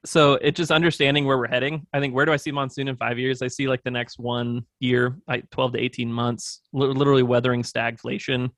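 A man's voice: medium pitch, little pitch movement, a little fast, few pauses, a bit bright, no room sound, studio quality. A man guesting on an interview show, talking through business plans in a thoughtful, rambling way with lots of fillers. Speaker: agency owner, podcast guest. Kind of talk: casual interview talk.

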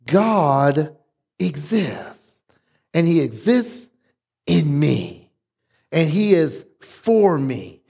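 High-voiced preaching pastor. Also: male voice, very animated, drawn-out words, vocal fry, long pauses, a little mellow, breathy edge. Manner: emphatic preaching with call-and-response. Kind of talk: sermon.

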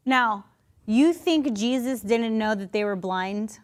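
A woman pastor preaches in a slightly high voice, keeping her sermon unhurried and conversational. She is animated, with restarts, asides and small acted-out voices for the people she quotes.

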